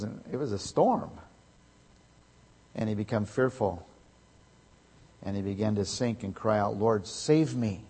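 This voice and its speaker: A man preaching a sermon, emphatic, swinging from loud to quiet. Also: lowish voice, husky. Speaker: pastor. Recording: echoey hall with long reverb.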